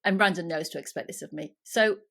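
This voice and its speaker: A middle-aged woman hosting a casual interview, chatty and lively, acting out dialogue as she tells stories. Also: fairly low pitch, brisk, vocal fry. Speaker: podcast host.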